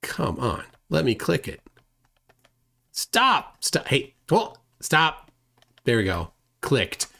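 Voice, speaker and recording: A man's voice: mid-range voice, wildly swooping pitch, slow pace, vocal fry, pauses often, pushed and bright. A man hosting a casual livestream, reading viewer comments aloud and rambling with self-deprecating chuckles. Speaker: livestream host.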